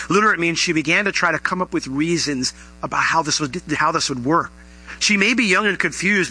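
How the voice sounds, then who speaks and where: A man's voice: a little high, bright, forceful tone, low-quality recording. A man preaching a sermon to his congregation in an earnest, conversational way, asking the listeners rhetorical questions. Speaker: pastor.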